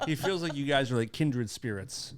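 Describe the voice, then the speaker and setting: A man's voice: medium pitch, animated. A man co-hosting a comedy podcast, teasing and crude in casual banter. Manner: teasing, crude, quick jokes. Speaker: podcast co-host.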